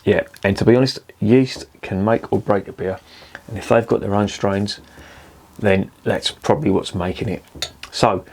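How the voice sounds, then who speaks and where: A man's voice: fairly low pitch, fairly even intonation, moderate pace, vocal fry, a little mellow, a little hiss or hum. A man hosting a casual beer review vlog, chatty and jokey and swearing freely as he talks. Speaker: beer reviewer, channel host.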